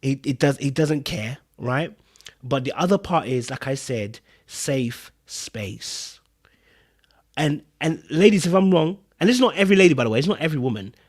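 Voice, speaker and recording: His voice sits on the high side, expressive and a little fast, as he hosts a live podcast stream and riffs on a reality show clip. He keeps repeating himself with casual emphasis and talks directly to viewers and the chat.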